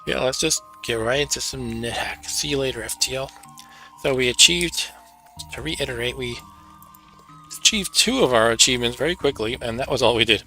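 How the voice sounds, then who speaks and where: A man's voice: mid-range voice, normal speed, sharp tone, soft background music. A man hosting a live gaming stream, chatting casually and narrating each step as he sets up and plays. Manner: chatty, narrates his own setup steps. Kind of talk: casual gameplay commentary.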